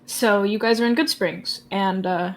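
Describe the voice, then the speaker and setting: A woman runs a tabletop game, describing the scene in a loose, chatty way. She giggles between lines and fills pauses with ums. Her delivery is unhurried and casual. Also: mid-range voice, fairly even intonation. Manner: giggly, loose, filler-heavy. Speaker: game master.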